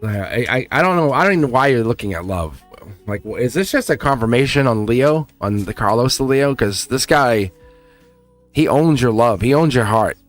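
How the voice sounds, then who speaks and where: A man's voice: medium pitch, lively intonation, normal speed, faint music behind. A man with a Boston accent giving a casual, rambling livestream tarot reading, restarting phrases and chuckling. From England.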